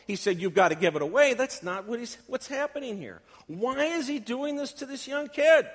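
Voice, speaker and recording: Male pastor, very high voice, emphatic storyteller, long church reverb. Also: a bit bright. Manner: emphatic storytelling preacher, acts out quotes. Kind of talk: sermon.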